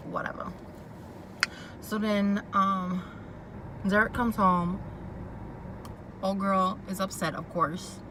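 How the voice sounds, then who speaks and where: Woman doing a sassy tv recap, noisy background with cars going by. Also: mid-range voice. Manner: animated, quoting characters and reacting with sass. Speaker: TV recap vlogger. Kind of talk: casual chat recapping a TV episode.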